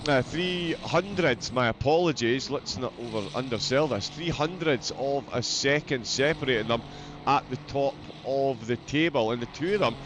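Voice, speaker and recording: Over a noisy background, a Scottish-accented man commentates a sim race live in a mid-range voice at normal speed. He keeps things chatty, cracking jokes and reading the chat aloud.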